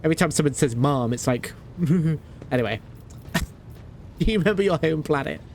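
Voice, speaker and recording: A man's voice: on the high side, expressive, normal speed, a little hiss or hum. A man streaming a game, chatting casually, ranting and laughing often. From Britain. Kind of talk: casual chat while playing.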